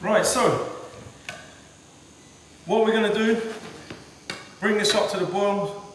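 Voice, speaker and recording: High-voiced man cooking, echoey and distant. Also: fairly even intonation, slow, noisy background. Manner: chatty, repeats himself. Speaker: home cook. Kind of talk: casual cooking demonstration. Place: home kitchen. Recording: echoey kitchen from far off.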